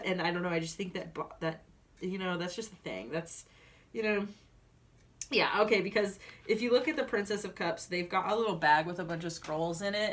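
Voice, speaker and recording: A woman doing a casual tarot reading, chatty and full of fillers, often breaking into giggles. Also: lowish voice. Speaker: tarot reader. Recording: voice a bit far from mic, faint noise.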